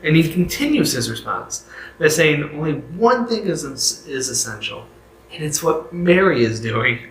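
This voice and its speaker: A man's voice: on the high side, big pitch swings, normal speed, a bit bright, roomy sound, slight background noise, rough recording. A man leading a youth group bible lesson, talking casually and asking viewers questions. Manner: conversational, self-correcting, asks viewers questions.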